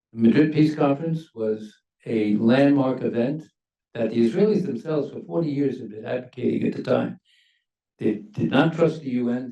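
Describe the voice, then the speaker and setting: Gravelly older man, emphatic panel talk. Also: mid-range voice, dark tone, muffled recording. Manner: measured, emphatic, stresses key words. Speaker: panelist, former ambassador. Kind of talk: panel discussion remarks. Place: university lecture hall. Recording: echoey hall, mic at a distance.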